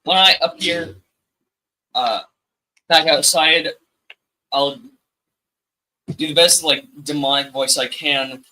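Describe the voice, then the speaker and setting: A man's voice: a little high, a little slow, long pauses, bright, forceful tone, low-quality recording. A man playing a tabletop game, hesitant and full of ums. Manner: hesitant, filler-heavy. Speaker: player. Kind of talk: casual tabletop play.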